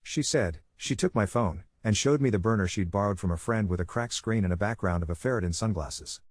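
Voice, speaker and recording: Steady low-voiced male story narrator. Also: a little fast, dry recording, studio quality. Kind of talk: scripted first-person story narration.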